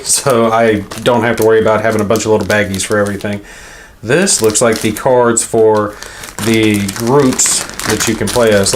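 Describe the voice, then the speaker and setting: Over a noisy background, a fairly low-pitched man hosts a board game channel. He unboxes a game casually, rambling and thinking aloud as he handles the pieces.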